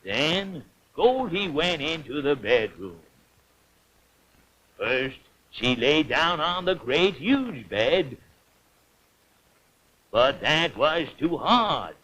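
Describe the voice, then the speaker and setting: A man's voice: a little high, big pitch swings, very slow, long pauses, bright, forceful tone. Lilting male storybook narrator. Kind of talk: storybook narration for an old cartoon. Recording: dull old cartoon soundtrack with faint hiss.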